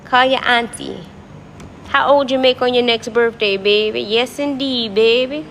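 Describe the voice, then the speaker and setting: A woman voicing a chatty New Orleans auntie with a high, sing-song drawl who calls everyone baby. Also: fairly even intonation, measured pace, a bit bright, slight background noise. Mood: doting.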